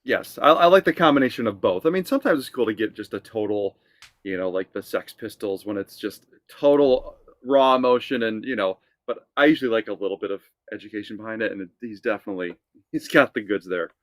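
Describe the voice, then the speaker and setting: A man co-hosting a music reaction show as songwriter, talking in a relaxed, halting way with repeated words. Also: lowish voice, no echo. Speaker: songwriter co-host. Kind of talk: casual music reaction chat.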